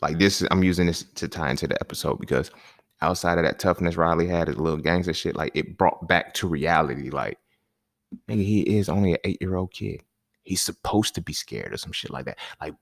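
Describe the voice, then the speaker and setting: A man's voice: sits low, brisk, no echo, studio quality. A man hosting a podcast, talking in a casual, emphatic monologue full of slang and repeated points. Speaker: podcast host.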